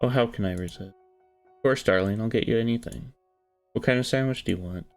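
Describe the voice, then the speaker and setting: A man's voice: mid-range voice, a little fast, soft background music, voice pushed up, lightly acted. A man voicing a fussy, controlling young woman who dotes sweetly while bossing her partner around, for a visual novel. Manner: sweetly doting, bossy.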